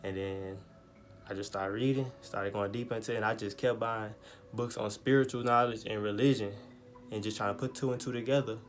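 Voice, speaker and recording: A young man in his twenties casually telling a personal story, full of slang and swearing, animated as he retells it. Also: on the low side, a little fast, slight background noise. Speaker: vlogger.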